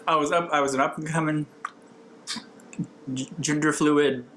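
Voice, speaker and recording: A man's voice: fairly high pitch, fairly even intonation, moderate pace, fairly bright tone, slight background noise. A man from Texas with a Texan accent, co-hosting a podcast in a giggly, campy, rambling casual chat. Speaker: podcast co-host.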